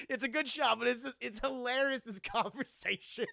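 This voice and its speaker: A man casually recapping a film for a live chat, animated and laughing as he acts out scenes. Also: extremely high pitch, normal speed, creaky, few pauses, no room sound, clean studio sound. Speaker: streamer reviewing a film.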